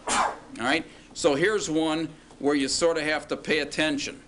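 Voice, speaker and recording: A man's voice: on the high side, steady tone, measured pace, a bit bright, slight background noise. A man teaching a classroom lecture, patiently asking students questions and drawing out words as he explains.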